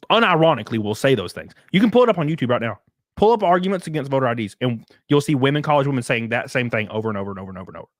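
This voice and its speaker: Animated, blunt male livestream host. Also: mid-range voice, dry recording, clean studio sound. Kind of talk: casual livestream chat and rant.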